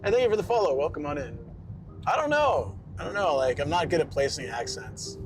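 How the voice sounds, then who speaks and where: A man's voice: fairly high pitch, very animated, brisk. Scottish male streamer, casual and rambling, laughs often, faint music underneath. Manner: rambling, filler-heavy, laughs easily. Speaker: live-streamer. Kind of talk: casual live-stream chat while driving.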